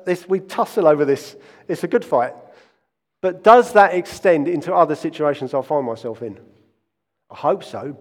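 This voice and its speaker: A man's voice: fairly high pitch, fairly quick, a little mellow, big-room sound. A man, preaching a sermon and telling stories earnestly, often restarting his phrases. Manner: earnest storytelling with frequent restarts. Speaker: pastor.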